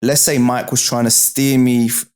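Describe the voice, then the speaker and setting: A man's voice: mid-range voice, flat delivery, normal speed, darkish tone, clear, resonant tone. A British man with a mid-range voice talks casually as an interview guest. His speech is loose and full of street slang. He keeps checking in with the listener. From United Kingdom. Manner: slang-heavy, repeats "do you know what I mean".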